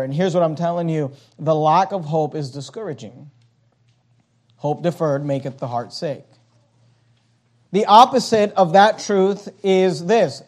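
A pastor delivering a sermon in a high voice. He reads old scripture wording aloud, then drops into quiet, low explanation. His delivery moves between emphatic, raised passages and soft ones.

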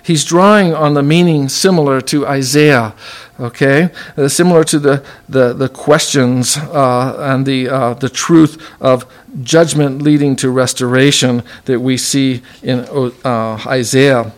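A man preaching a sermon, teaching from a Bible passage, halting often with fillers and restarts and drawing out key words slowly. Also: mid-range voice, fairly even intonation.

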